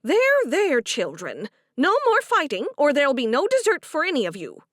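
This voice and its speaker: A woman voicing a stern older woman who scolds the children in a shrill, hissing voice. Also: wildly swooping pitch, normal speed, a bit bright, no room sound, clean studio sound, heavily acted. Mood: scolding.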